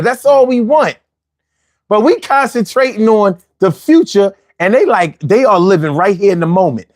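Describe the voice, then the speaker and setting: High-voiced guy reading chat comments, slangy and cussing, dry close sound. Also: dry recording. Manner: slangy, profane, conversational. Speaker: streamer reading viewer comments. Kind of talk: casual commentary.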